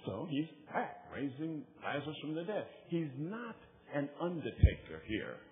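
A man's voice: on the high side, big pitch swings, unhurried. A male preacher from the United States delivering an emphatic sermon, calling on the audience to repeat phrases. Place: large church meeting. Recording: tinny phone-like live recording.

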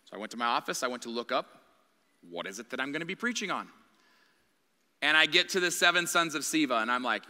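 Bright-voiced man preaching in a reverberant church. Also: mid-range voice, animated, fast, long pauses. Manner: candid, conversational preaching. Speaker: guest preacher. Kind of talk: sermon. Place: church sanctuary. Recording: long reverb of a church hall.

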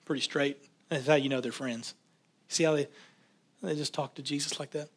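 A man preaching a sermon in a relaxed, conversational way, reading scripture aloud and stopping to comment on it. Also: a little high, moderate pace, long pauses, husky. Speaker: pastor.

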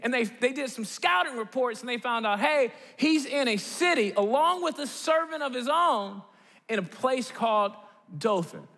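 High-voiced, animated male preacher. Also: moderate pace, gravelly. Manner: animated, checks in with the audience often. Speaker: guest preacher. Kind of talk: sermon. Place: large church auditorium. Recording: long church hall reverb.

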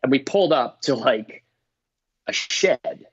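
A middle-aged man, a comedian guest, telling stories in casual chat, animated and swearing, acting out voices. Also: medium pitch, slow, slightly rough. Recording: dull lo-fi dry sound.

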